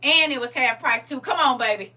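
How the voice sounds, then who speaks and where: A woman hosts a casual live chat, calling out viewers by name and preaching with playful swings between exclamations and near-whispers. Her voice is fairly high and cutting. She sits back a little from the microphone. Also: a little fast, sharp tone, far from the mic. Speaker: livestream host.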